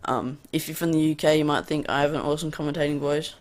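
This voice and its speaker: Talking fast with a slightly high, fairly even voice, an Australian gaming YouTuber offers loose, hesitant commentary over his gameplay, peppered with ums. The sound comes from a cheap USB condenser mic on the desk of his home gaming setup.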